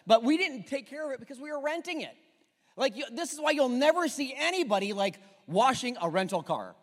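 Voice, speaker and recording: High, lively-voiced man preaching in a reverberant church. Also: a little fast. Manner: jokey, conversational preaching with asides. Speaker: pastor. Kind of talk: sermon. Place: church sanctuary.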